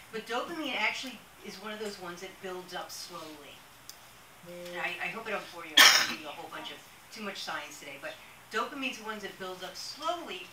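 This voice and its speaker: A woman giving a live workshop talk, telling stories in a chatty way with asides. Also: medium pitch. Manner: chatty storytelling with asides and laughter. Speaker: workshop speaker. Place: room with a live audience. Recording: distant mic in an echoey room, with hiss.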